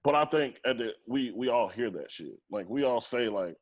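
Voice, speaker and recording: A man's voice: medium pitch, animated, normal speed. A man co-hosting a casual podcast, arguing his point bluntly and swearing freely. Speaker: podcast co-host. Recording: dull lo-fi sound.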